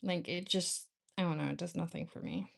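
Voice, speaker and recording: A woman's voice: fairly low pitch, very animated, a little fast, creaky. A woman chatting casually with viewers on a livestream, rambling and laughing often. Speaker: nail art livestream host.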